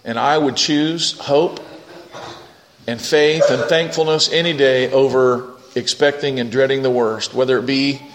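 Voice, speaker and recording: A man preaching a lively storytelling sermon and calling on his congregation to answer back. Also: medium pitch, a little slow. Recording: echoey room with faint noise.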